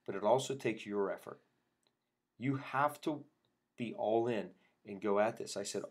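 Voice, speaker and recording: A man hosting a podcast for chiropractors, telling a patient story and acting out both sides of the conversation. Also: mid-range voice. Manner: storytelling, quoting patients and himself in dialogue. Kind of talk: casual podcast talk with acted patient quotes.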